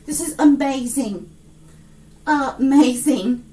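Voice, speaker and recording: A woman giving a monthly tarot reading to her viewers, excitable, filling her talk with fillers and pausing to address a spirit. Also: high-pitched, recorded from a distance. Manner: excitable, breathless outbursts, many fillers; speaks to an unseen spirit. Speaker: psychic tarot reader.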